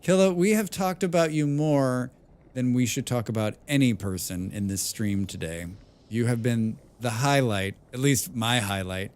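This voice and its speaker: A man's voice: medium pitch, moderate pace, darkish tone. A man streaming a game, thinking aloud and chatting casually with viewers, swearing freely. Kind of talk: casual gameplay livestream chat.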